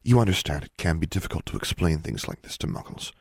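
A man voicing a stern, evasive woman school dean in a measured, formal tone in an audiobook. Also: very deep voice, very animated, vocal fry, a little mellow, breathy edge, no echo, studio quality, full character voice.

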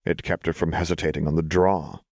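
A man reading a story aloud in calm, measured, scripted narration. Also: low voice, creaky, no echo, studio quality. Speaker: audiobook reader.

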